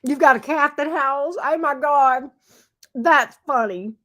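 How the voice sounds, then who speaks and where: A woman's voice: high-pitched, slow, sharp tone. A middle-aged woman, casually chatting with viewers on her livestream, answering their comments and talking to her dog from her home office. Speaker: tarot reader and livestream host.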